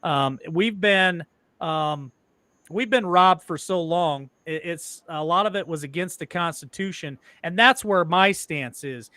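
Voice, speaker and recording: Male host, fairly high and crisp voice, hesitant with ums, sarcastic asides. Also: measured pace, sharp tone, dry recording. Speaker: show host. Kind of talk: casual conversational talk.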